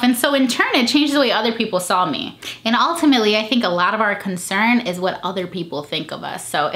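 A young adult woman talking casually and openly in a vlog, chatty and animated, jumping into high voices when she quotes people. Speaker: vlogger. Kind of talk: casual confidence chat.

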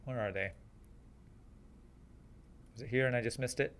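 A man streaming a game, thinking out loud and chatting to his viewers in a casual way. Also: mid-range voice, steady tone, moderate pace. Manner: thinks aloud, chats to viewers. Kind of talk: casual live-stream gameplay commentary.

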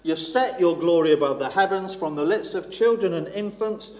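Male preacher, high voice, casual emphatic delivery, roomy reverberant church sound. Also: moderate pace, a little mellow. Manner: chatty, self-deprecating, emphatic repetition. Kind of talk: sermon. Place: church hall. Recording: echoey church hall with long reverb.

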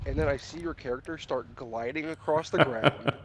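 A man chatting with friends while gaming, animated and excited as he tells what happened. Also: mid-range voice, moderate pace, a crowd in the background. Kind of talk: casual gaming chat.

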